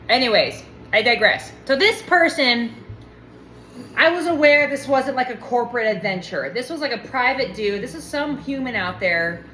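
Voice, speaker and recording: A woman's voice: medium pitch, bright, forceful tone, a little hiss or hum. A woman telling a personal story in a casual, digressive way, often drifting off track and acting out what people said. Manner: rambling, digressive, acts out quoted dialogue. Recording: roomy echo.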